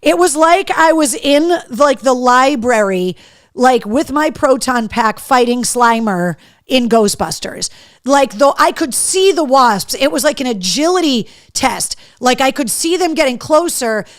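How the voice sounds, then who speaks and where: Animated woman host reading comments. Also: high voice, measured pace, no echo, studio quality. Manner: animated, profane storytelling. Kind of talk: live show chat reading viewer comments.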